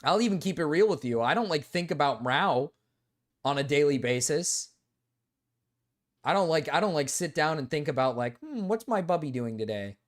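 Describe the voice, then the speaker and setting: A man streaming live, chatting casually with his viewers, animated and swearing freely while repeating himself. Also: on the high side, moderate pace, pauses often. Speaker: streamer reacting to chat. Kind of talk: casual livestream chat.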